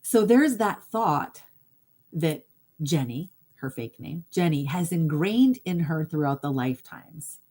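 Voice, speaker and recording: A woman's voice: deep voice, expressive, slow pace, a little mellow. A woman hypnotherapist hosting a casual live talk, speaking earnestly and straight to her viewers, with easy laughs between thoughts. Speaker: hypnotherapist and livestream host.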